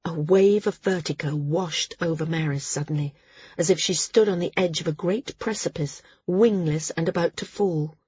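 Woman narrator, calm storytelling, lowish pitch, muffled dry recording. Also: moderate pace, breathy edge, dry recording. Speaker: audiobook narrator. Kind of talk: scripted narration.

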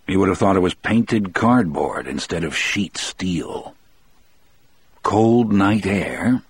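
Male audiobook narrator, very low voice, husky, dry close sound, measured first-person reading. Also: no room sound. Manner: measured, steady storytelling.

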